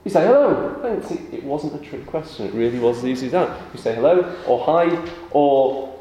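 A man leading a church service, praying and then giving a lively children's talk with questions. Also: mid-range voice, fairly quick, dull audio. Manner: animated with children, rising and warm questions. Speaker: pastor. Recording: echoey church room with faint ambience.

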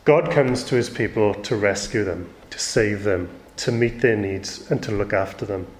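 Echoey man preaching a sermon. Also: mid-range voice. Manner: plain conversational preaching with asides and restarts. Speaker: pastor. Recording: echoey room.

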